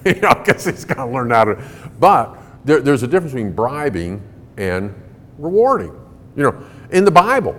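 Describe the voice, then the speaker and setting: A man's voice: mid-range voice, fairly bright tone, slight background noise. A man answering parenting questions before a live audience, folksy and emphatic, laughing often. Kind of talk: conversational Q&A talk to a live audience. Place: large hall in a building. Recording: long hall reverb.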